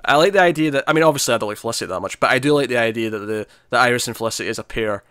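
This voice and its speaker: A man talking quickly in a casual podcast chat, chatty and quick to laugh, voicing characters' lines for fun. His pitch sits mid-range, and the sound is close and dry with no room around it. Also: fairly bright tone, smooth, dry recording. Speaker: podcast co-host.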